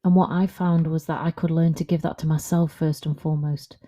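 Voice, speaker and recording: A woman's voice: low-pitched, flat delivery, brisk, dark tone. A woman, a confidence coach, talking frankly and conversationally in a solo podcast monologue.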